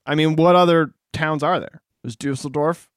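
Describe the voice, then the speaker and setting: A man's voice: on the high side, steady tone, normal speed, no room sound, clean studio sound. Loose, joking man recapping a film. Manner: loose, laughing, swearing, jokey recaps. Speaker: podcast co-host recapping a film. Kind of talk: casual chat.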